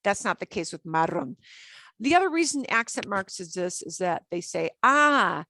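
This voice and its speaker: Casting note: woman Spanish teacher, patient and animated, lively pitch, dry close sound. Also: normal speed, dry recording. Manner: patient, explains step by step, switches between English and Spanish; animated, light laughs. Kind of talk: beginner language class.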